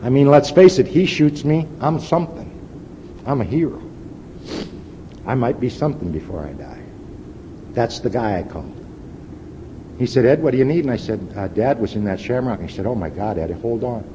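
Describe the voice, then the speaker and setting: A man in his fifties sharing a personal testimony at a recovery meeting, earnest and folksy, dropping to a quiet intensity at times. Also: mid-range voice, expressive, moderate pace, pauses often. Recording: dull lo-fi hall recording with faint hiss.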